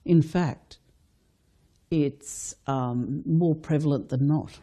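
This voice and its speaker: A commentator making a slow, deliberate statement in an interview. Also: medium pitch, warm tone.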